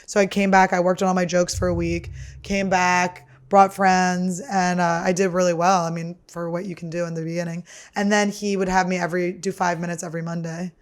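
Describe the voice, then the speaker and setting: Chatty, animated woman comedian telling stories. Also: lowish voice. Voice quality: chatty, swears freely, talks fast and a lot. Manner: animated, laughs through her stories. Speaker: comedian and podcast host. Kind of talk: casual storytelling.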